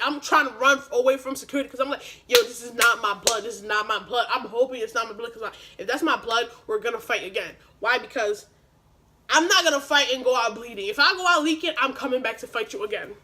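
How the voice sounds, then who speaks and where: A young woman vlogger retelling a story in casual, animated, profane slang. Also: sits high, fairly quick, low-quality recording.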